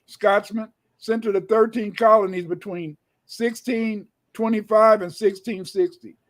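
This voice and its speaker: Emphatic male lecturer, high voice, repeats himself for stress. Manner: emphatic, rising to shouts, repeats phrases. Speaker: guest lecturer. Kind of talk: lecture-style talk reading old documents.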